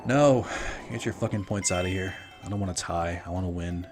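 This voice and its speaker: A man's voice: low-pitched, steady tone, fast, music in the background. A man from Minnesota giving casual, profane commentary on a video game he is playing while chatting with his viewers. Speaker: let's play streamer.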